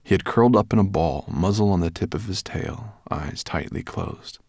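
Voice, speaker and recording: A man narrating an audiobook in an even, measured reading voice. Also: low voice, vocal fry, dry recording, clean studio sound.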